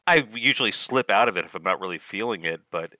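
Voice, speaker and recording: A man co-hosting a podcast, speaking casually with many halting restarts. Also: fairly low pitch, lively intonation, pushed and bright, dry recording. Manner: halting, hesitant starts.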